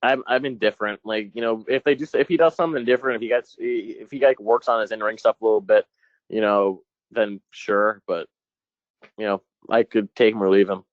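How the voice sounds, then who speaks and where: A man co-hosting a casual podcast with a lowish voice. He talks hesitantly, full of fillers, and swears now and then. The recording is dry and dull. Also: fairly even intonation, fairly quick, no echo. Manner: hesitant, lots of 'like' and 'you know', swears. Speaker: podcast co-host.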